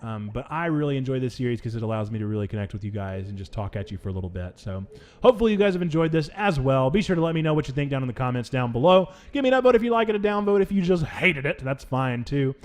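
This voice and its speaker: A young adult man hosting a let's play, talking over the game in playful mock outrage with big swings in pitch. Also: expressive, fast. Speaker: gaming channel host.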